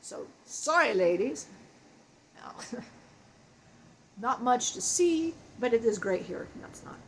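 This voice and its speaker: A foul-mouthed, wisecracking spirit of a big bald man who has passed on, spoken by a woman channeling him. The voice is high, full of laughs, curses and offhand jokes, with a faint hiss of noise behind it. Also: very animated, slow pace, fairly bright tone, full character voice. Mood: joking. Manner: crude, swearing, jokey, laughs often. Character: irreverent dead man's spirit, big bald joker.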